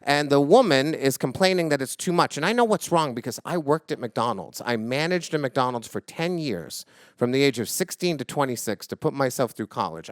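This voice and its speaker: Man, forties, live stage storyteller, higher voice, smooth and crisp, dry sound. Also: no echo. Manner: animated, swinging from loud indignation to hushed reflection.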